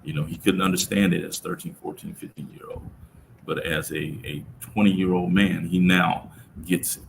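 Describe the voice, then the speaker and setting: A middle-aged man telling a personal story about his son in an interview, speaking in a reflective, halting way with many restarts. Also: sits low, fairly even intonation, creaky, a little hiss or hum, rough recording. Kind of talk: conversational storytelling.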